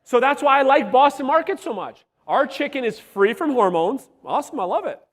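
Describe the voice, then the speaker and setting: A man coaching real estate agents at a live workshop, energetic and blunt, swearing and quizzing the audience, his voice wearing out. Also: extremely high pitch, a little fast. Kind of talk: live workshop teaching to a room. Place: large room with live audience. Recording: long hall reverb.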